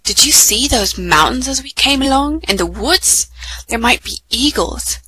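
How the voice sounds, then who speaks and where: A woman's voice: high voice, animated, measured pace, bright, forceful tone, breathy edge, voice pushed up, heavily acted, rough recording. A woman voicing a confident eldest boy in a storybook reading, hearty and sure of himself. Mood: eager.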